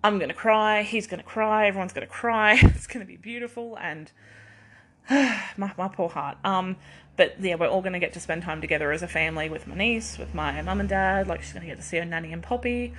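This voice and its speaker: A woman's voice: mid-range voice, fairly bright tone. A young adult woman hosting a podcast on her own, rambling in casual chat and laughing at herself often. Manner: rambling, chatty, self-deprecating, laughs often. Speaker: podcast host.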